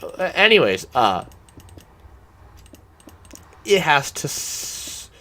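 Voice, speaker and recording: A man's voice: a little high, big pitch swings, extremely slow, pushed and bright. A man, a gaming YouTuber, giving casual, rambling commentary while he plays a game. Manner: rambling, meandering storytelling.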